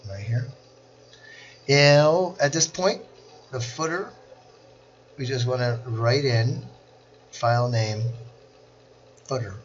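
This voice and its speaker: A man teaching a software class, walking through each click step by step in a screen-recorded tutorial. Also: mid-range voice, highs cut off, slight background noise. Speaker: instructor.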